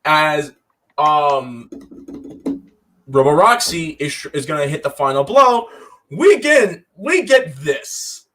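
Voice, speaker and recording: A man with a slightly higher voice recaps a show in a loose, chatty way. He keeps stopping to act out characters' lines. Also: animated, a bit bright. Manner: rambling, quick recaps with voiced-out quotes. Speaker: podcast co-host. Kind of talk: casual episode recap.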